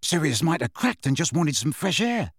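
A man voicing a nervous, hesitant teenage boy wizard who speaks weakly and quietly, in an audiobook reading. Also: a little high, very animated, moderate pace, creaky, slightly rough, no echo, studio quality, heavily acted. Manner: weak, hushed, hesitant.

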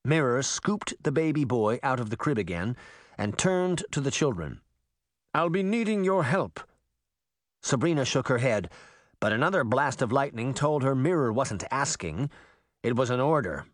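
This audiobook narrator is a man with a mid-range voice who tells a scripted story expressively at a normal speed. It's a studio-quality recording with no echo.

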